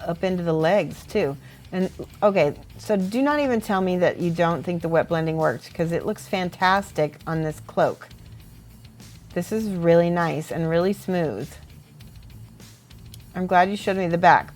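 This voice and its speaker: A woman's voice: lowish voice, moderate pace, darkish tone. Chatty woman hosting, faint music behind. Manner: chatty, encouraging, laughs often. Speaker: miniature painting host and teacher. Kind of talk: casual livestream critique.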